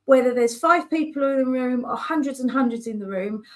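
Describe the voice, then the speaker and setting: A woman business coach telling stories in a conversational way, animated and acting out the voices of people she quotes. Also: high voice, fairly quick. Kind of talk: conversational storytelling.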